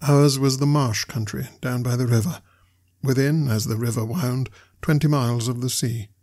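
A man reading a classic novel aloud as an audiobook narrator, with measured storytelling delivery. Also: mid-range voice, fairly even intonation, dark tone.

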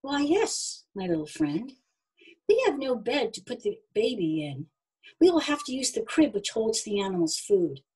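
A woman voicing a gentle young mother with a newborn, asking kindly and softly for help. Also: a little high, big pitch swings, normal speed, husky, exaggerated voice.

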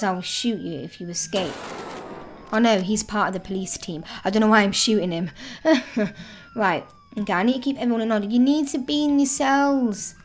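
A woman hosting a gaming video, chatting excitedly and thinking aloud as she plays. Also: mid-range voice, a little hiss or hum. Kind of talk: casual let's-play commentary.

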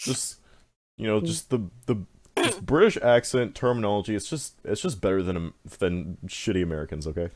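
A player in an online card game who restarts and repeats words, reading cards slowly. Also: deep voice, darkish tone. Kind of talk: casual gaming chat.

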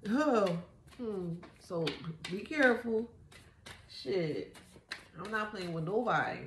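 A woman's voice: mid-range voice, expressive, slow, a little hiss or hum. A woman giving a casual tarot reading, blunt and profane, mocking and laughing often. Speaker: tarot reader. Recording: echoey room.

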